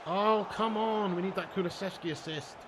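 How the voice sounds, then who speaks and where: A young man with a high, bright-sitting voice rants in mock anger at his stream chat, swearing freely between game moments. Faint background hiss sits under the talk. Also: normal speed. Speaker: gaming live streamer. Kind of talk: live stream chat banter while gaming.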